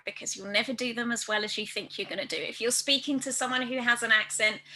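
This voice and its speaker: A woman presenting a workplace training video, speaking fast and loudly with careful articulation. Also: fairly high pitch, low-quality recording. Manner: fast, loud and well articulated.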